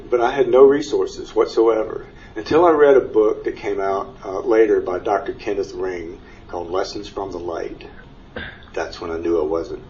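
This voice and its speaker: Low-voiced man giving earnest testimony. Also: darkish tone. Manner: earnest, emotional storytelling that rises when moved. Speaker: panel speaker sharing his near-death experience. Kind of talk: personal testimony at a conference. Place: conference room before an audience. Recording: distant, dull mic with faint hiss.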